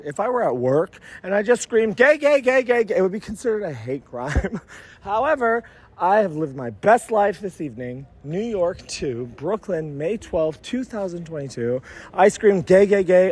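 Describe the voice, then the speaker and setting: Excitable man with a fairly high voice, swearing and laughing as he recaps a concert on his phone. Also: slightly rough. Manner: animated, laughing, swearing freely. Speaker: vlogger reviewing a concert. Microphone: phone held at arm's length.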